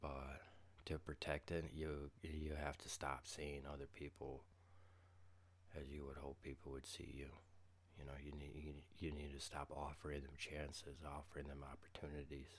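A man in a casual monologue, ranting with profanity and sarcasm, quiet at first and then growing loud and heated. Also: rumbling low, completely flat delivery, moderate pace.

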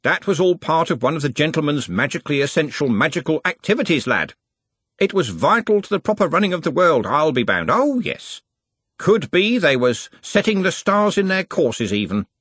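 A man's voice: fairly high pitch, very animated, normal speed, a bit bright, slightly rough, no room sound, pitched above the performer's own voice, exaggerated voice. A man voicing a stern, self-important older servant in an audiobook. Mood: pompous. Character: pompous stern older male candle servant. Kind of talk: audiobook character voice.

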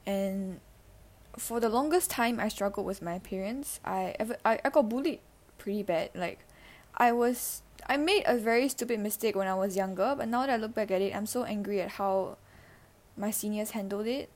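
A teenage girl from Singapore, hosting a personal podcast. She talks in a halting, emotional way, with many fillers and restarts, into a handheld mic. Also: medium pitch, a little mellow. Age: teens. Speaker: podcast host.

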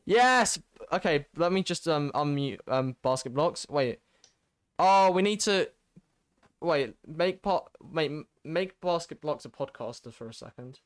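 A man's voice: on the high side, lively intonation, a little slow, smooth. A teenage boy from Britain hosting a casual podcast, bantering and laughing often. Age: teens. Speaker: podcast host. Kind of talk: casual chat.

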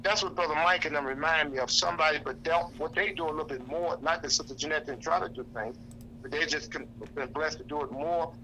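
A man's voice: fairly high pitch, quick pace, sharp tone, slight background noise, low-quality recording. A man with a St. Louis accent talking on the radio in an impassioned, preacherly way, repeating himself for emphasis. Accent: St. Louis, Missouri. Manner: preacherly, repetitive, acts out quoted voices. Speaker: activist guest.

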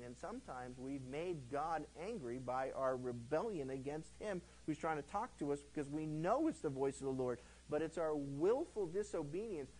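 A male pastor teaching verse by verse through a Bible book in a conversational, animated way, acting out the quotes he tells. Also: on the high side, normal speed, slight background noise, low-quality recording.

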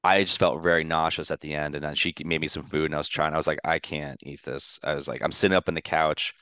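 A man's voice: extremely low pitch, steady tone, fast, bright, forceful tone, clear, resonant tone, dry recording. A man, a podcast guest, telling a personal story in casual chat, rambling with lots of "like" fillers and candid swearing.

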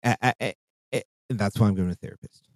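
A man's voice: fairly low pitch, fast talker, a little mellow, no room sound, studio quality. A man co-hosting a casual podcast chat, talking in a profane, rambling way with frequent restarts. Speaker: podcast co-host.

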